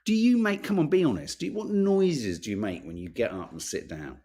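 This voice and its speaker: A chatty man from England co-hosts a casual talk show, wandering off into tangents and swearing freely. His pitch swings up and down a lot as he talks. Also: expressive, fairly quick, warm tone. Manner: rambling, sweary, chatty, reads out viewer names. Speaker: podcast co-host reading viewer comments. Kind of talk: casual chat.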